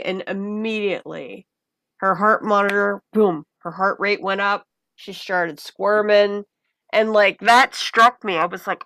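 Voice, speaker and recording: A woman guest in a casual conversation, telling personal stories in an animated way and acting out the voices of the people in them. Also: medium pitch, takes it slowly, no echo. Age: adult mother of a young child. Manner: animated, acts out voices in her anecdotes. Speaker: podcast guest.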